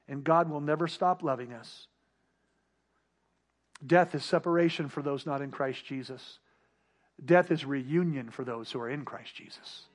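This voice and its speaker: A pastor delivering a sermon, building emphatic rhetorical questions and repeated refrains. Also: male voice, a little high. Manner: emphatic preaching.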